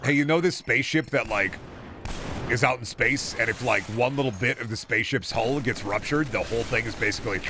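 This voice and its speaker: A man's voice: medium pitch, fairly quick, noisy background. Rambling sarcastic male streamer. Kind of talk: casual gameplay commentary. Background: loud game music.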